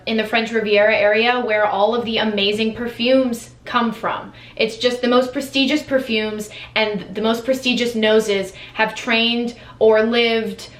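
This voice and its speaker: A woman's voice: on the high side, a bit bright. An American woman vlogger talking casually and enthusiastically to camera, with lots of fillers and restarts. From United States. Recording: echoey room.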